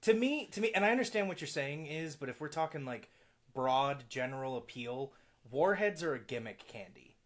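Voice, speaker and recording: A man's voice: a little high, animated, moderate pace, a bit bright. A man hosting a podcast, talking in a joking, opinionated way in casual chat. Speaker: podcast host.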